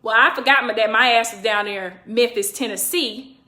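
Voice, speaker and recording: A high, bright woman telling a story on a livestream. She is animated and profane and leaps up in pitch when she acts out what people said. Her voice rings in an echoey room. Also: normal speed. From California.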